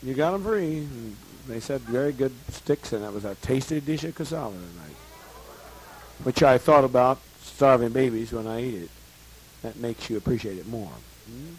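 A man's voice: mid-range voice, expressive, normal speed, poor audio. A man leading a group meeting in a blunt, teasing way, prodding people for questions. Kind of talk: casual meeting talk. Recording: hissy old tape recording.

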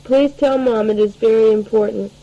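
A woman's voice: fairly high pitch, fairly even intonation, normal speed, highs cut off, slight background noise. A teenage girl rambling through a spoken audio letter to her family, full of fillers and restarts, taped at home. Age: late teens. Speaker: letter writer.

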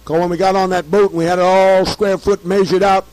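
A hoarse man telling a story in a fiery, profane monologue, repeating himself as he works up to shouting. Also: high voice, level tone, fairly quick, no room sound, poor audio.

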